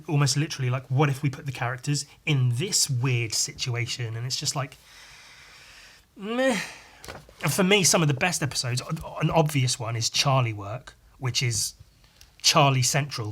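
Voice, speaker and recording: A man talks through a casual solo podcast episode in a middle-pitched voice. He rambles and hesitates, restarting sentences and filling gaps with ums. His tone is laid-back and self-deprecating. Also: a bit bright, breathy edge. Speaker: podcast host.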